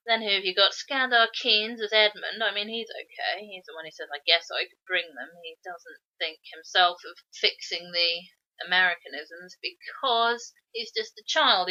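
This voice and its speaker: A woman with a forceful, bright, tense voice, picking apart a film in relaxed podcast chat. She sounds opinionated and critical. The audio is a bit dull and lo-fi. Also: mid-range voice. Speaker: podcast co-host. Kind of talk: casual film review chat.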